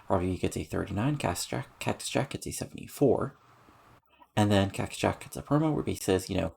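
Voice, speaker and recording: Low, gravelly man narrating casually. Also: darkish tone. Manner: rambling, filler-heavy, lists match ratings. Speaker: game streamer narrating a wrestling booking sim. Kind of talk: casual let's-play narration.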